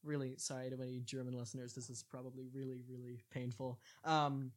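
A man's voice: mid-range voice, little pitch movement. A man hosting a casual podcast, joking around and tripping over foreign words. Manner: jokey, quick asides, stumbles over foreign words. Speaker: podcast host.

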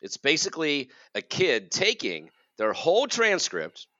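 A man's voice: on the high side, huge pitch swings, a little slow, pushed and bright, dry recording, dull audio. A man in his forties, a college counselor co-hosting a podcast, ranting in an exasperated, sarcastic way. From United States. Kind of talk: casual podcast rant.

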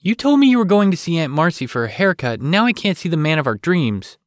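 A man voicing an excited, teasing teenage girl about to start college, eager and pushy. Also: medium pitch, normal speed, no echo, studio quality, close to an everyday voice. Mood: excited, insistent.

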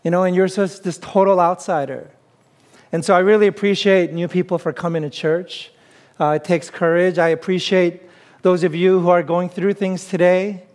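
A man preaching a sermon to his congregation in a relaxed, conversational way, often pausing on "uh", with playful asides that draw laughs. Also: sits high. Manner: conversational preaching with frequent "uh" fillers. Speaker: pastor.

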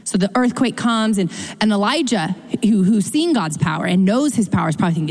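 A woman pastor preaching a sermon in a lively, conversational way, acting out quotes with sudden jumps in her voice. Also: moderate pace. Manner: animated, conversational, acts out quotes with big pitch jumps. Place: church. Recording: church hall reverb.

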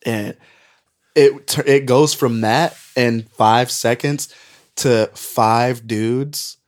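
A man guest on a podcast, telling a wild story in an animated, profane way and laughing at it. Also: mid-range voice, very slow. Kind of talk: casual storytelling.

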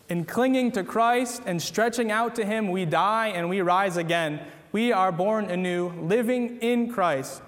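High-voiced man preaching in a reverberant hall. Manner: earnest, repetitive exhortation. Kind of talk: sermon. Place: church.

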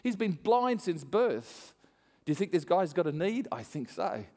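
A pastor with a high voice and a slightly slow delivery preaches a sermon, telling a lively story in which he acts out the voices and laughs often. Long reverb from the hall trails his words.

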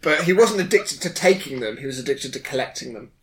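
Bright man with dry, needling questions. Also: medium pitch, expressive, fast talker. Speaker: podcast co-host. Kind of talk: casual comedic chat.

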